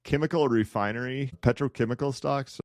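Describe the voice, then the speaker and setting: A man's voice: medium pitch, brisk, a little mellow, no echo, clean studio sound. A man co-hosting a podcast, chatting casually and a little ramblingly about investing, with an occasional chuckle. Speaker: podcast co-host.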